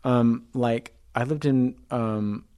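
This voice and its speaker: A man's voice: mid-range voice, takes it slowly, smooth. A man chatting as a guest in a casual interview. He is laid-back and hesitant, with frequent "um" and "like". He drops briefly into playful mimicry. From United States. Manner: relaxed, hesitant, fond of mimicking accents. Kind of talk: casual conversation.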